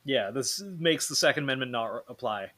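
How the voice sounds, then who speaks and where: A man's voice: mid-range voice, expressive, fairly quick, fairly bright tone. Male podcast host, blunt and foul-mouthed in loose casual chat, with a mid-range voice. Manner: blunt, swears freely.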